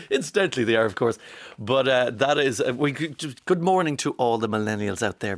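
A man's voice: medium pitch, fairly bright tone, dry recording. An Irish man in his forties hosting a radio show, chatting wryly and reading out listener texts. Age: 40s. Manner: chatty and wry, with quick asides. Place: radio studio.

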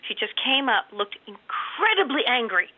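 A woman's voice: a little high, normal speed. A woman in her sixties telling stories with laughter as a guest in a radio interview. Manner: animated, laughing storyteller. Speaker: guest actress. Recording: tinny phone line.

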